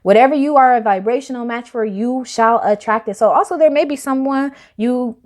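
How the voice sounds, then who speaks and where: A woman's voice: fairly high pitch, brisk, a little mellow. A woman giving a casual tarot reading to camera, chatty and emphatic, talking straight to her viewers and swearing now and then. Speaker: tarot reader.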